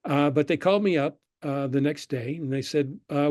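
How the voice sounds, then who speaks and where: Older man with a mellow, dry voice. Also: a little high, normal speed, dry recording. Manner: relaxed anecdotal storytelling, acting out the people he quotes. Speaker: guest, screenwriter and professor. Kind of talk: conversational interview storytelling.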